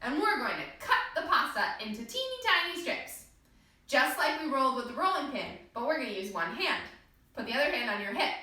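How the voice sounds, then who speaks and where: A woman's voice: sits high, sing-song, fairly quick, pushed and bright. A woman teaching a kids yoga class through pretend play, in a playful, encouraging, sing-song way. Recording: echoey room, voice from a distance.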